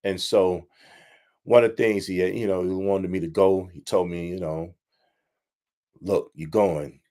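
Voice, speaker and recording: Heartfelt, low-voiced man telling a story. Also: little pitch movement, moderate pace, dark tone. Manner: heartfelt, repetitive, addresses listeners directly. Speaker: podcast host. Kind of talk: emotional personal storytelling.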